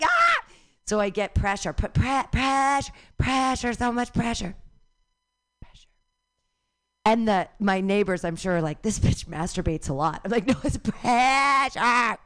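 A woman in her forties doing a bawdy stand-up set, telling her story in halting bursts that jump up into squeals. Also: medium pitch. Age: 40s. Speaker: stand-up comic. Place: comedy club stage.

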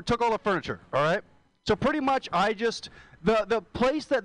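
A man's voice: high-pitched, fairly bright tone, no echo, low-quality recording. A young man doing a profane stand-up set with brash, crude one-liners. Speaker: stand-up comic.

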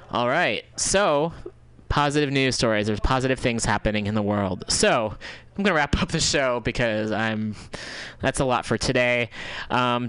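A man's voice: mid-range voice, fairly bright tone, clear, resonant tone, no echo. A male community radio host casually wrapping up his show in a studio and reading news articles aloud. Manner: casual, chatty, reads articles aloud with fillers. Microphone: studio microphone.

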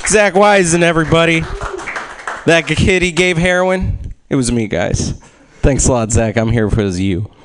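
A man's voice: fairly high pitch, animated, normal speed. A man hosting a comedy show, teasing the last comic and announcing the next act. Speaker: show host. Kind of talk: emcee banter.

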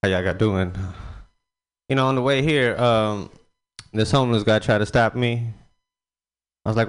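Man, stand-up comic, resonant clear voice, rambling with fillers, club stage mic. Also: on the low side, steady tone, normal speed, pauses often. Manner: loose, rambling delivery with frequent fillers. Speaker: stand-up comedian. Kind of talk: stand-up set at an open mic.

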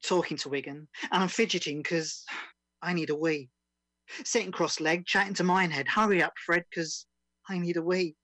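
A man's voice: high-pitched, fairly bright tone, dry recording. A man performing spoken-word poetry over a video call, in a rhythmic sing-song delivery of mock desperation. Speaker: poet performing at an online open mic.

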